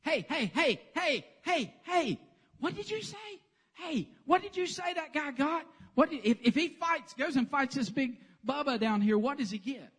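A man voicing an eager, nosy young shepherd boy who pesters with excited questions. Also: very high-pitched, unhurried, pitched above the performer's own voice, full character voice.

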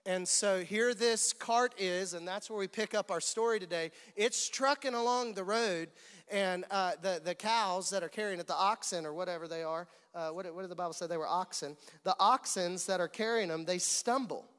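High-voiced preacher in an echoing hall. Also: male voice, moderate pace. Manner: animated storytelling, calls on the audience to repeat words. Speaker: pastor. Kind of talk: sermon. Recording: reverberant hall.

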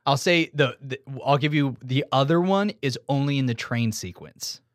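A man's voice: mid-range voice, normal speed, dry recording, studio quality. A man co-hosting a podcast in casual chat, teasing as he quizzes his co-host. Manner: teasing, animated quiz-giver.

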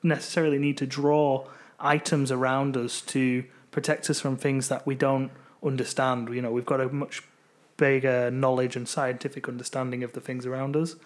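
A man's voice: mid-range voice, little pitch movement, moderate pace. A man from Britain co-hosting a podcast, talking things over in a thoughtful, casual way. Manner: thoughtful, musing, with fillers. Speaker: podcast co-host. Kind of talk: casual chat.

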